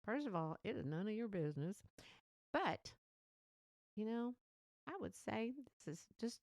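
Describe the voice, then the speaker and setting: Rambling chatty woman, gravelly. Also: medium pitch, very animated, measured pace, a little mellow, no echo, studio quality. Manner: rambling, chatty, laughs often, acts out quotes. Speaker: podcast host. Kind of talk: casual monologue.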